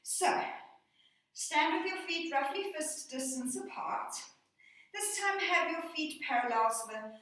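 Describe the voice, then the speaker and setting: Breathless high-voiced woman leading a workout. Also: expressive, measured pace, a bit bright. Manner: encouraging, counts and cues breathing. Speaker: fitness instructor. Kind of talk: guided workout instruction. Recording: echoey room, voice from a distance.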